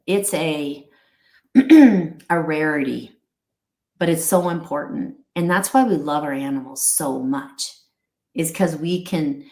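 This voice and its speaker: Middle-aged woman, interview guest, earnest and rambling, lower voice, echoey room. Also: darkish tone. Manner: earnest, rambling with restarts and acted-out quotes. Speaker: guest, pet wellness company founder. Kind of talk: candid interview talk.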